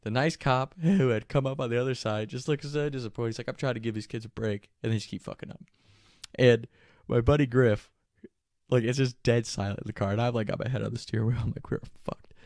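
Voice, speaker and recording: A young man tells a funny, profane story in a casual, animated way and breaks into laughs often. His voice has a gravelly fry and sits at an average pitch. The sound is dry and close. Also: quick pace, dry recording.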